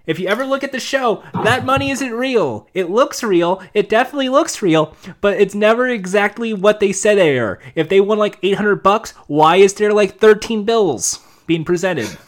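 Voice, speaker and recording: A man with a somewhat high voice co-hosts a casual talk show. He rambles along in a jokey way, with many fillers and restarts. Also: animated, normal speed, few pauses. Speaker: podcast co-host. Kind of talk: casual chat.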